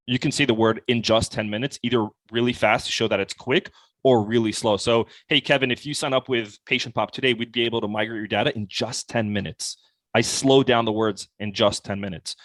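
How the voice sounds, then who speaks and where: A young man, a sales coach guest on a podcast, explaining his methods in a casual, animated way with lots of "like.". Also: on the low side, dry recording. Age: young adult. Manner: casual, animated, heavy use of "like". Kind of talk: conversational podcast interview.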